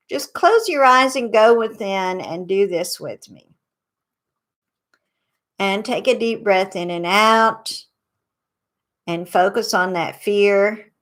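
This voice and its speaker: Slow, soothing woman leading a meditation. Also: mid-range voice. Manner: slow, soothing guided instructions. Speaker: psychic advice host. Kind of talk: guided tapping meditation.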